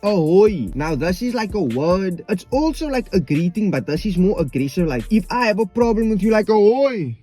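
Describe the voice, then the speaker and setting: A man's voice: high-pitched, very animated, normal speed, hardly any pauses, dark tone, faint music behind. A young man from Cape Town with a Cape Town South African accent, rambling casually and acting out street dialogue. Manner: rambling, acts out street dialogue, many "like" fillers. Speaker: vlogger. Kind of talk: casual explainer.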